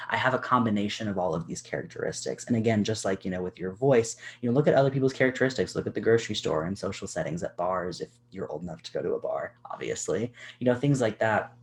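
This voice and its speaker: Low-voiced man giving a casual workshop talk. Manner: casual, chatty, many "you know" fillers; gestures a lot with his hands while talking. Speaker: workshop presenter. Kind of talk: educational workshop talk to camera. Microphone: recorded for a video.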